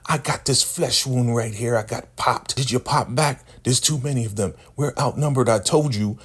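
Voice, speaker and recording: A man voicing a bossy, self-important woman cult elder who scolds everyone in a shrill voice. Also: normal speed, breathy edge, lightly acted. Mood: scolding.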